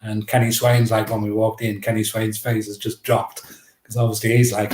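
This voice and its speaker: A middle-aged man, a guest telling a lively story and acting out the dialogue. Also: fairly low pitch, normal speed, slight background noise. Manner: lively, anecdotal, acts out dialogue. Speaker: guest, memoir author. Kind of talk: casual storytelling. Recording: roomy echo.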